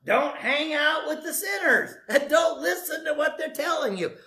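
A male pastor preaching a sermon in a lively, conversational way, often asking the congregation questions. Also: very high-pitched, normal speed, creaky. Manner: animated, conversational, asks the audience questions.

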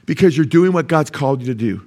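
A pastor preaching a sermon, often asking the congregation "Amen?" and acting out the voices of doubters. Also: male voice, fairly high pitch, expressive, fast talker, darkish tone. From United States.

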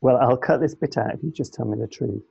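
A man co-hosting a podcast in casual chat, teasing his partner in a dry, deadpan way. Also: mid-range voice, quick pace, creaky, slightly rough, no room sound, highs cut off. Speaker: podcast co-host and editor.

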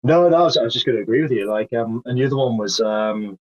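A man's voice: medium pitch, fast talker. A man in a casual chat, rambling and hesitant with lots of fillers. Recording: dull lo-fi audio.

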